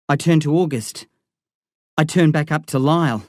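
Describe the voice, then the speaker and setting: A man's voice: fairly high pitch, moderate pace, pauses often, no room sound, clean studio sound. Man narrating an audiobook. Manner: steady first-person storytelling. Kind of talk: audiobook reading of a novel.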